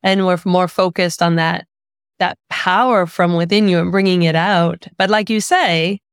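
A woman hosting an interview, asking questions in a deliberate, empathetic way. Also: on the low side, steady tone, clear, resonant tone, no echo, clean studio sound. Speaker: podcast host.

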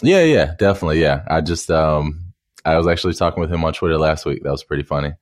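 Very deep-voiced man, dry close sound. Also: expressive, quick pace, no echo. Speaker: podcast guest. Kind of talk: casual chat.

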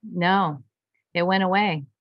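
Woman guest on a podcast, low-ish voice, dry kinda dull audio, earnest, keeps restarting sentences. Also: slow, dry recording. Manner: earnest, emotional, with frequent restarts. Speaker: guest doctor. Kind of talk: personal storytelling in a podcast interview.

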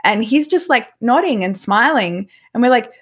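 A woman's voice: on the high side, moderate pace, breathy edge. A woman guest on a podcast, telling a story casually and animatedly, filling her speech with "like". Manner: animated, filler-heavy with frequent "like".

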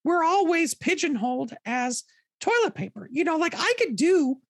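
A bubbly puppet toilet paper roll, chatty and jokey. The voice sits very high and leaps all over the place. It sounds dry and close. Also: male voice, sing-song, moderate pace, creaky, no room sound, heavily acted. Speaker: puppet guest. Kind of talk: comic puppet interview.

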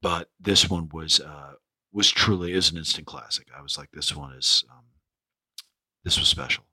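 A man hosting a podcast, speaking with a hoarse, ragged voice in a rambling way, full of fillers and restarts. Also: extremely low pitch, moderate pace, sharp tone, dry recording. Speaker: podcast host. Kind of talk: spoken podcast intro.

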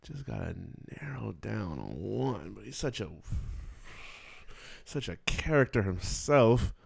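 A man co-hosting a casual podcast, thinking aloud with pauses and sighs. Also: fairly low pitch, big pitch swings, gravelly. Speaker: podcast co-host. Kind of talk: casual chat.

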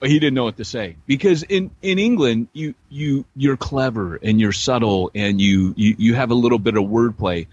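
An American man co-hosting a podcast, telling stories in casual chat with a joking, animated manner. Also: mid-range voice, normal speed, hardly any pauses, husky, lo-fi sound. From United States. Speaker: podcast co-host. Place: San Diego area.

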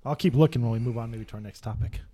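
A man co-hosts a laid-back podcast from a studio, joking his way through news items he reads aloud and narrating a video as he watches. He has a medium-pitched voice and talks very fast, with crowd noise in the background.

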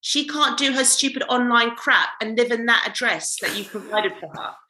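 A woman's voice: fairly high pitch, normal speed, sharp tone. A woman co-hosting a podcast, ranting bluntly and swearing in casual chat. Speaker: podcast co-host. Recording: roomy echo.

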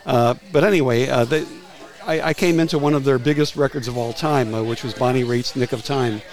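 A man's voice: mid-range voice, rough recording. A man in his sixties, a retired music publicist, telling anecdotes as a guest in a casual interview and often stumbling over repeated words. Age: 60s. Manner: halting, restarts phrases with frequent repeated words.

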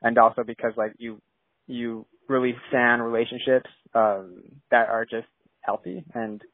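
A man's voice: medium pitch, fairly even intonation, measured pace, no echo. A young man from San Diego, a filmmaker guest, talking casually and rambling with lots of "like" and restarts. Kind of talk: casual interview chat. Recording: tinny phone-like line.

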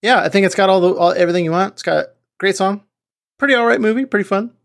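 A man's voice: sits high, quick pace, vocal fry. Podcast co-host, male, laid-back and rambling, everyday mid voice. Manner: relaxed, filler-heavy riffing. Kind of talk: casual chat.

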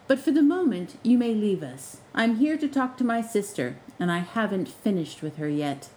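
A woman's voice: mid-range voice, big pitch swings, normal speed, mellow, slight background noise, lightly acted. Woman reading a bullying young lord for an audio story, haughty, entitled, snappish.

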